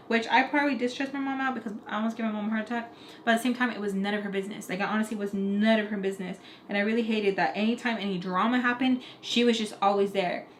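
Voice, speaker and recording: A young woman with an American accent from Utah, casually telling a personal story and acting out her family's voices. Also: mid-range voice. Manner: animated, acts out quoted voices of family. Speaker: vlogger telling a story time. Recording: echoey room, faint noise.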